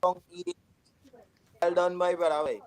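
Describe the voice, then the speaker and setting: A man's voice: sits high, steady tone, unhurried, gravelly, a little mellow. A man with a strong Trinidadian accent, joining a talk show as a guest over a video call, playful and teasing. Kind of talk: casual chat.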